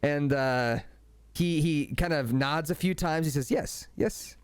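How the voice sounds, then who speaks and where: A man's voice: on the high side, takes it slowly, clean tone, no echo. A man voicing a cheerful, friendly farmer who coaxes and reassures. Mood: coaxing.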